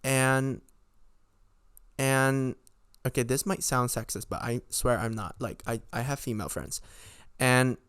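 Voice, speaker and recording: A man's voice: medium pitch, smooth, no room sound, clean studio sound. Exasperated young man ranting with endless fillers. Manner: rambling, heavy filler words, frequent swearing; exasperated, incredulous. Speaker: podcast host. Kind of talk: casual storytime rant.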